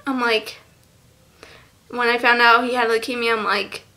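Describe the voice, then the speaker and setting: A teenage girl vlogging a tribute to a lost friend, halting and close to tears, with many fillers. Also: a little high, level tone. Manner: halting, soft, full of fillers. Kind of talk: tearful memorial vlog.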